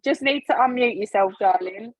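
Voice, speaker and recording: A woman's voice: a little high, moderate pace, dry recording. A woman hosting a video training call, telling a story in a chatty way and laughing often. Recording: dull, dry video call audio.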